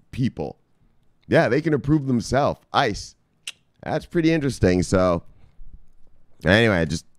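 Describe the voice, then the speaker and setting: Loose, swearing man hosting his crypto vlog, middle pitch, clean voice, dead-dry room. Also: no echo. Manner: loose, profane, says "bang" as a catchphrase. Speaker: crypto news host. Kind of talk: casual vlog talk. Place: home studio in South Beach.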